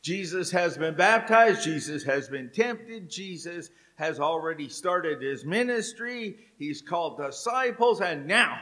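Slow-speaking pastor preaching a sermon. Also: male voice, fairly high pitch, animated, a bit bright. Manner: slow, storytelling delivery with dramatic pauses. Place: church sanctuary.

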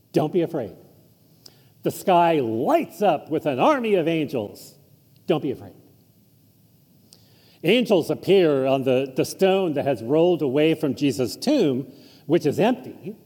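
A man with a fairly high voice delivers an informal, conversational sermon. His pitch swings widely as he talks, and a long hall reverb trails each phrase across the church. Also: husky. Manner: informal, chuckling asides, animated intonation. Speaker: pastor. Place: church sanctuary.

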